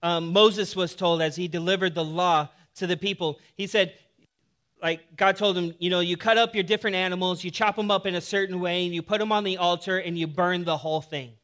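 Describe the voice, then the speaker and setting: Animated, high-voiced male pastor preaching. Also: brisk. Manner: casual, animated preaching with humor. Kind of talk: sermon.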